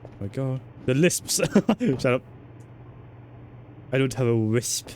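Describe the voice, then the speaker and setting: A man's voice: mid-range voice, expressive, slow, background noise. A man streaming a game in casual commentary, chatty, swearing and joking while talking to his chat.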